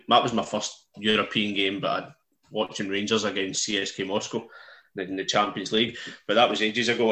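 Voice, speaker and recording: A man's voice: lowish voice, fairly bright tone. A man in casual podcast chat, rambling through a travel story with many ums. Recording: roomy echo.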